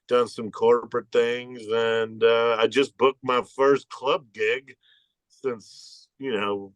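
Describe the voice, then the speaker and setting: A man's voice: mid-range voice, dry recording. A man in his fifties from Louisville, a stand-up comedian telling rambling, laid-back stories as a guest on a video call. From Louisville, Kentucky. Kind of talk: casual chat over a video call.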